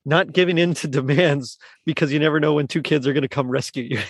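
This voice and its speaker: A man's voice: a little high, fast talker, gravelly, no room sound, studio quality. A man hosting a casual podcast chat, rambling a little with fillers and easy laughs. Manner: laid-back, rambling with frequent fillers and laughs. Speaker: podcast host.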